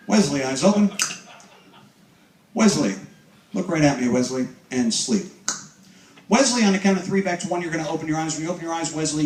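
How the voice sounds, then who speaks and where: A man performing as a stage hypnotist. He gives slow, soothing trance commands and mixes them with upbeat banter with the audience. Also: on the high side. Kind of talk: live stage hypnosis show. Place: cruise ship show lounge with live audience. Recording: echoey room from far off, loud crowd and noise.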